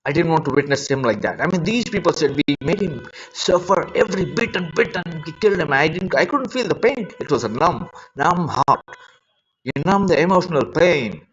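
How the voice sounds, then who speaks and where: Man, fairly high voice, distressed rambling live-stream rant recorded on a dull lo-fi phone mic. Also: lively intonation, normal speed, a bit bright, faint music behind. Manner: rambling, repetitive, agitated and emotional. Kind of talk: unscripted live-stream monologue.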